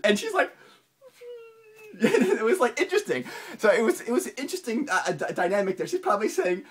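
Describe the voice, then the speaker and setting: A finance channel host giving casual video commentary, rambling with many restarts and fillers, and jumping up in pitch for emphasis. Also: fairly quick, slightly rough. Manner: animated, pitch jumps up for emphasis.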